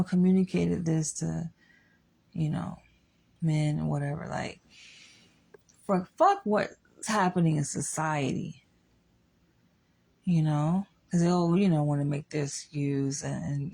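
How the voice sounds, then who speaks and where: A woman's voice: sits low, unhurried, creaky, warm tone. A young adult woman giving a blunt, candid monologue to her audience, swearing freely as she states her opinions. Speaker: vlogger.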